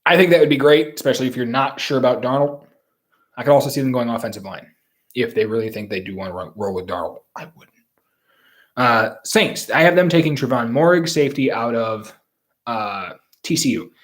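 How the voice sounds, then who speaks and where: A man with a mid-range voice delivers brisk solo football draft commentary. He's opinionated and emphatic, rambling as he goes.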